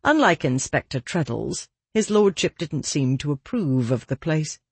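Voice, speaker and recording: An audiobook narrator giving a measured, even scripted reading. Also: medium pitch, breathy edge, no echo.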